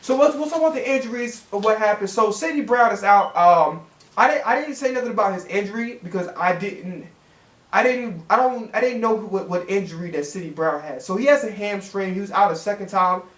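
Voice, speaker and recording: A man ranting profanely as a sports reaction vlogger, exasperated and swinging his pitch up and down as he talks. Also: a little fast, a bit bright, reverberant.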